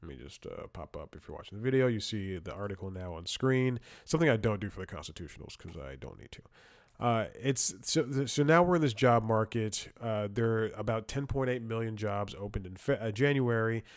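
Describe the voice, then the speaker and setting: A man's voice: fairly low pitch, animated, fairly quick, dry recording, studio quality. A man hosting a comedy podcast, telling a rambling story with lots of restarts and sarcastic asides. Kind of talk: casual comedic monologue.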